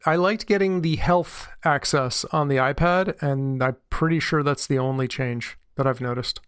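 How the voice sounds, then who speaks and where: Dry-witted man with a higher voice. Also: moderate pace, fairly bright tone, clean tone, dry recording. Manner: dry, teasing banter. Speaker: podcast co-host. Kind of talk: casual chat.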